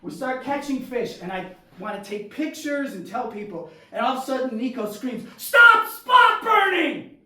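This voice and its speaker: A man doing solo stand-up storytelling on a theater stage, animated and acting out his family, sometimes shouting punchlines. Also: very high-pitched, moderate pace, few pauses, a little hiss or hum. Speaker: stand-up comedian. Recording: echoey room, voice from far off.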